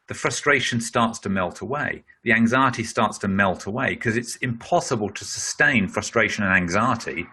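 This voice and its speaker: A man's voice: on the low side, sharp tone, breathy edge. A middle-aged man answering a question in a webinar, explaining in a conversational way with many fillers. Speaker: speaker on leadership.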